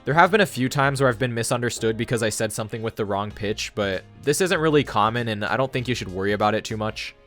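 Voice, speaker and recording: A man's voice: medium pitch, lively intonation, fast talker, few pauses, fairly bright tone, soft background music. A man giving a scripted explainer monologue on language learning, matter-of-fact and confident.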